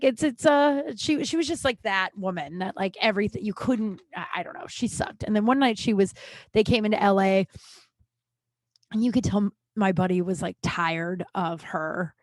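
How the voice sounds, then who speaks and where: A woman comedian hosting her podcast, telling a story in a rambling, swearing, filler-heavy way and jumping into high, animated voices for the people she quotes. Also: normal speed, dry recording. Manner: swears freely and bluntly. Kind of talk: casual comic storytelling.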